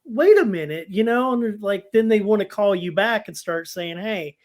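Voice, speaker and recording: A woman's voice: medium pitch, animated, normal speed, a little mellow. A woman chatting in an interview, rambling with many "like"s and "you know"s. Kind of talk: casual interview chat.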